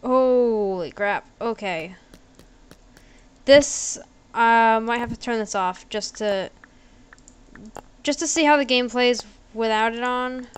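A woman's voice: fairly high pitch, slow, long pauses, clean tone. A woman giving chatty, giggly, self-deprecating commentary as she plays a computer game at home. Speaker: gaming video creator.

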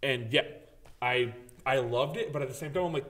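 A man's voice: mid-range voice, normal speed. A man co-hosting a casual gaming podcast, telling a story with lots of swearing and acted-out reactions. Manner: animated storyteller, swears freely, acts out his own reactions. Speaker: podcast co-host.

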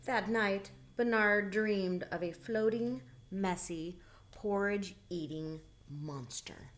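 A woman's voice: medium pitch, slow pace, a little hiss or hum. Woman reading a children's story aloud. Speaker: storybook reader.

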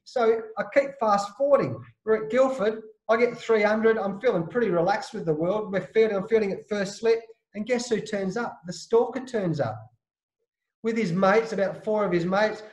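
Australian man, high pitch, storytelling guest, blokey and animated, echoey room sound. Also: normal speed. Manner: lively, blokey, acts out the voices in his stories. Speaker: interview guest, former captain.

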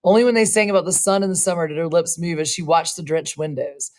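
A woman reading a short story aloud, slow and expressive, now and then adding casual asides. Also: fairly low pitch. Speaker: reader.

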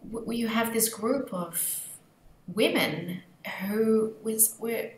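A woman's voice: on the high side, slow. An Australian woman speaking as a guest, reflecting earnestly and thoughtfully on her own experience. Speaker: guest, leadership coach. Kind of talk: reflective interview talk. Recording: roomy echo with faint ambient noise.

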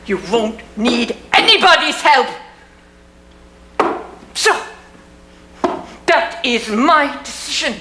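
A hard-edged old grandmother, steely and unbending, her voice high and bright, swinging widely as she talks slowly and deliberately, as a woman plays her on stage. The sound is roomy, picked up in a theater. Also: a little hiss or hum, exaggerated voice. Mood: cold. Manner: hard, clipped, commanding. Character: stern old immigrant grandmother, iron-willed. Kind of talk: community theater stage acting.

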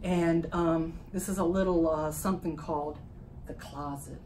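A woman performer giving a slow, deliberate spoken-word reading in short phrases at an apartment concert, recorded on a phone camera across the room. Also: deep voice, steady tone, a little mellow, a little hiss or hum, low-quality recording. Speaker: experimental music performer.

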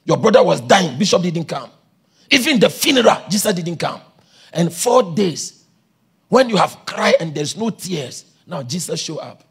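A man preaching a sermon, shouting with passion and a sing-song cadence, with a gravelly voice. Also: sits high, sing-song, moderate pace.

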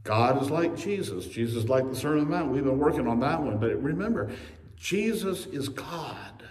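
A man's voice: mid-range voice, recorded from a distance. Male pastor preaching in an echoey church. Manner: emphatic preaching, with slow stressed phrases and quick asides. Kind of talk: sermon. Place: church sanctuary.

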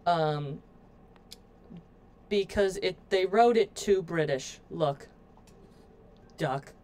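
A woman's voice: on the low side, extremely slow, a little mellow. Chatty woman streaming a game. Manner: chatty and playful, talks to viewers. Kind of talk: casual gameplay commentary.

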